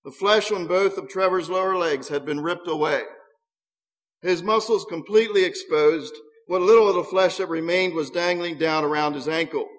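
A man's voice: high voice, normal speed. A man reading a story aloud, earnest, with occasional small stumbles over words. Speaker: narrator. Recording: long hall reverb.

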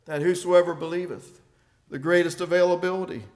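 High-voiced older preacher, rising and falling. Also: male voice, steady tone, brisk. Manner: emphatic, swells loud on key phrases then drops low. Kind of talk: sermon.

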